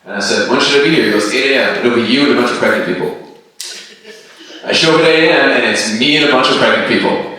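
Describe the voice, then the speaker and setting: Roomy, bright-voiced stand-up comedian man. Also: medium pitch, quick pace. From Canada. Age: 30s. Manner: animated storytelling with quoted voices. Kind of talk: stand-up set. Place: comedy venue with live audience. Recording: roomy distant stage sound.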